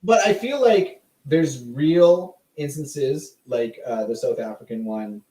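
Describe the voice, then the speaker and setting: A man's voice: medium pitch, lively intonation, takes it slowly, dark tone, reverberant, recorded from a distance, rough recording. A man co-hosting a podcast, telling a ghost story in a rambling, jokey, casual way. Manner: rambling, jokey, laughs often. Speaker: podcast co-host.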